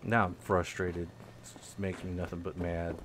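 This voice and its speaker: A young man giving casual commentary while playing a game, muttering quietly and then bursting into loud, high-pitched, exasperated rants. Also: level tone, moderate pace, background noise. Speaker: game video host.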